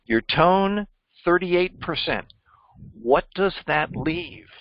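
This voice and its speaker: A man's voice: high voice, lively intonation, takes it slowly, no room sound, dull audio. A man mentoring a group on job interviews, emphatic and teacherly, quizzing his listeners as he goes. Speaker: cybersecurity mentor. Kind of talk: coaching discussion.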